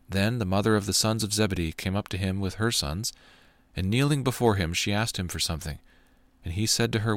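Man, low voice, gravelly texture, dry close sound, measured scripture reading. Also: fairly bright tone, dry recording. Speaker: scripture reader.

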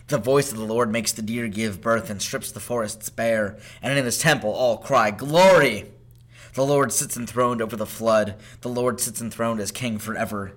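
A man reading psalms aloud in a measured, solemn way, rising on the lines of praise. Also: fairly low pitch, a bit bright. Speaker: scripture reader. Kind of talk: scripted scripture reading.

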